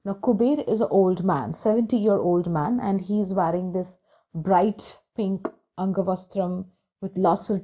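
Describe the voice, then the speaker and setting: A woman retells a book's story in her own words, chatty and unscripted, with a few pauses and fillers. Her voice is mellow and warm at a medium pitch. She reads short descriptive passages slowly between plain narration. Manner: conversational, with fillers and restarts. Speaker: book channel storyteller.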